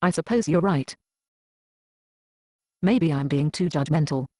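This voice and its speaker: A woman's voice: sits low, lively intonation, measured pace, dark tone, no echo, studio quality. A woman acting as an upset single woman who answers defensively and evasively in an amateur Bible drama.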